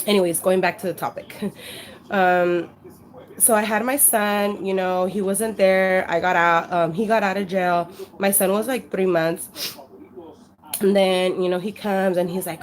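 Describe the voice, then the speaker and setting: A woman's voice: fairly low pitch, fairly even intonation, unhurried. A woman telling her story casually to a handheld camera, rambling with frequent "you know" and freely swearing. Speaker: vlogger sharing her life story. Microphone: handheld camera at arm's length.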